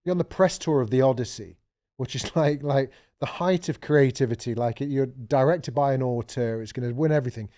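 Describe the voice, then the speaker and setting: A man co-hosting a podcast in casual, sweary chat with quick restarts. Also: medium pitch, mellow. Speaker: podcast co-host.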